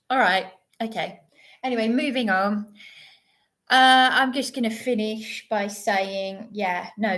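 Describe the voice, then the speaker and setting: A woman's voice: mid-range voice, fairly bright tone. A woman talks unhurriedly through a livestream monologue. She rambles and digresses, often restarting her sentences. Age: 30s. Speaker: livestream host.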